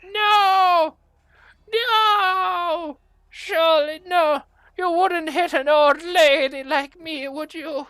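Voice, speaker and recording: Squealing, skittish kobold in granny clothes, very high, loud, bright and clean. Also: very slow, no echo, heavily acted. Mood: pleading. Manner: shrieking and pleading. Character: frantic little kobold posing as an old lady. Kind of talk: tabletop role-play.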